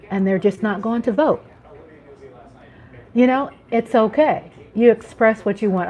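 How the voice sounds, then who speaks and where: A woman's voice: medium pitch, dull audio. A middle-aged woman from the United States hosting a live chat stream, talking casually, laughing often and greeting viewers by name. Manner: chatty, laughing, reading out chat names.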